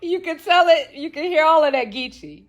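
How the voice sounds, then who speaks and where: A young woman hosting a casual live chat, animated and laughing, acting out quotes in shifting voices. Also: high voice, normal speed, muffled recording. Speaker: host.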